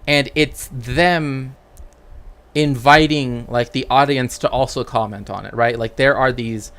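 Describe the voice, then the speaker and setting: A man's voice: medium pitch, fairly even intonation, a little slow, creaky, a bit bright. A man streaming as a cultural historian, talking casually and rambling, checking in with tag questions. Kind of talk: casual livestream chat.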